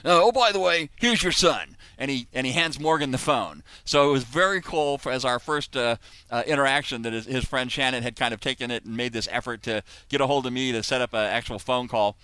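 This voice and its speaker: A man's voice: mid-range voice, fairly even intonation, fast, bright, forceful tone, smooth, dry recording. An American man, an author, telling a story in casual chat over a video call, rambling with many asides. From United States. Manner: rambling, full of restarts and asides. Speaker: author and host.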